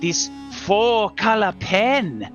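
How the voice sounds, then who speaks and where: A man's voice: high voice, big pitch swings, dull audio, soft background music, heavily acted. A man playing a hammy evil wizard in an improvised comedy sketch, theatrical and jokey. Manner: theatrical, jokey, drawn-out phrases. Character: hammy evil wizard, oddly Italian-tinged.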